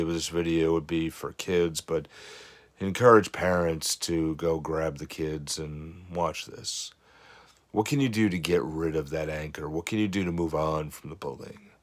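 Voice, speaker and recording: Deep voiced fitness guy giving a pep talk, slow and earnest, lots of you know. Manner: earnest, rambling, many 'you know' fillers. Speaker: fitness coach. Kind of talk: motivational talk to camera.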